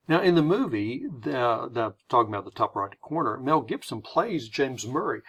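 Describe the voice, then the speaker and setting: A man from the United States presenting a slide lecture in a conversational way, often restarting and adding asides. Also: mid-range voice.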